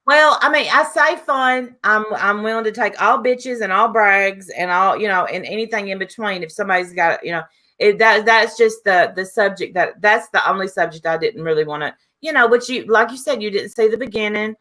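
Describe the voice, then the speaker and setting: Bright-voiced chatty woman host. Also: medium pitch, brisk. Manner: chatty, rambling, blunt with fillers and restarts. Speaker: live show host. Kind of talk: casual live stream chat.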